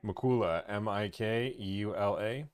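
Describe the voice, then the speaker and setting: A man's voice: lowish voice, measured pace, a little hiss or hum. A man hosting a live stream where he negotiates car deals, joking and upbeat as he talks.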